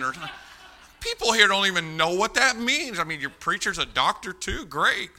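A male pastor preaching a sermon, telling stories with animated dialogue and repeating his key points for emphasis. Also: high-pitched, normal speed. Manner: animated storyteller, acts out dialogue. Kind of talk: sermon with storytelling.

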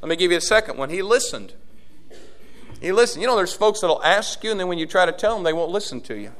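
In a strikingly high voice, a man delivers a sermon to his congregation. His delivery moves between soft, low stretches and impassioned, shouted appeals.

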